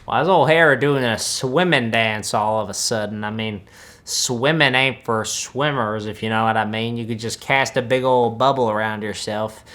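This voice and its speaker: In a deadpan comedic film reaction, a young man takes on the role of a bragging country-boy wizard, smug and rambling in a relaxed drawl peppered with folksy asides. His mid-range voice is fairly bright and close to everyday speech, at a moderate pace.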